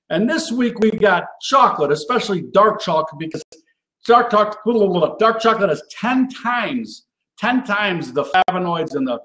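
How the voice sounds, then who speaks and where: A chatty man hosts a live cooking show in a fairly high voice, tagging every point with a quick "all right?". He sounds excited and worked up. The room around him is echoey. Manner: enthusiastic and animated, gets worked up. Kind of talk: casual live-stream chat.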